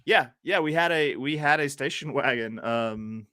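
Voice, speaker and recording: A man's voice: mid-range voice, moderate pace, sharp tone, clear, resonant tone, no echo, clean studio sound. A man co-hosting a casual podcast, teasing with playful, sarcastic banter. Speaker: podcast co-host. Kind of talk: casual chat.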